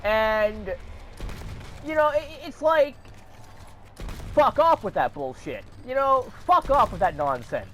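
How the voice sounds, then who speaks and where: A man's voice: sits high, big pitch swings, takes it slowly, long pauses, fairly bright tone, a little hiss or hum. A man delivering a heated, profane rant to camera, swearing often and throwing in sarcastic asides. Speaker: vlogger.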